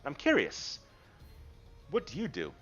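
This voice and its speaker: A man narrates a tabletop game as game master, in an animated, rambling way with fillers. His voice is high and very lively in pitch. The sound is slightly dull, with faint music behind him. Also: measured pace, breathy edge.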